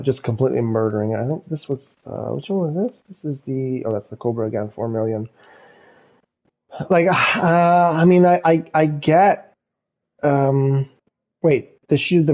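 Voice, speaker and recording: Streaming a racing game live, a man with a medium-pitched, dark-toned voice chats loosely with his viewers. His casual gameplay commentary is rambling and full of laughter, and the stream audio sounds dull and lo-fi.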